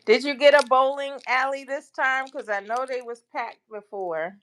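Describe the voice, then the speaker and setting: A woman in a casual livestream chat, making quick comments and talking to people off camera. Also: sits high, fairly bright tone, slight background noise. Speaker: livestream co-host.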